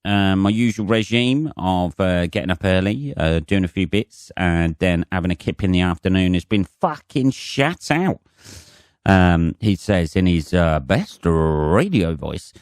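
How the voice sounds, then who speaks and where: A low-pitched man hosts a solo podcast and chats loosely, peppering his talk with swearing and filler ums. His voice is smooth and resonant. The recording is dry and close, with no room echo. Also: fairly even intonation, moderate pace, few pauses, a little mellow. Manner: rambling, sweary, self-mocking, with frequent ums. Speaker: podcast host. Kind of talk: solo casual monologue.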